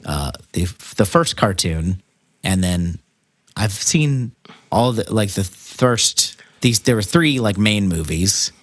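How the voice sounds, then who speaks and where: A low-voiced man co-hosting a podcast, talking loosely and circling back on himself. His pitch swings widely as he chats, with a dry, wry humor. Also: animated, takes it slowly, no echo. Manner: rambling, self-correcting, wry. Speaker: podcast co-host. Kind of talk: casual chat.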